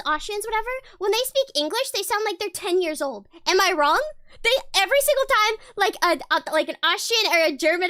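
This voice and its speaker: A woman's voice: very high-pitched, sharp tone. A young woman streamer in casual chat, rambling and giggling often as she talks.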